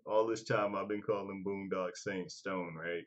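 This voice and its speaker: A man's voice: sits low, fairly even intonation, a little slow. A man chatting casually as a podcast host, loose, rambling and profane. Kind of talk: casual chat.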